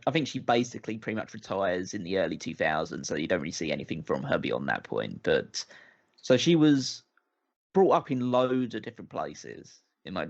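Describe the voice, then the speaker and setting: A man's voice: deep voice, lo-fi sound. A man co-hosting a casual movie-review podcast, rambling and restarting his sentences. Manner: rambling, restarts a lot, animated. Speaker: podcast co-host.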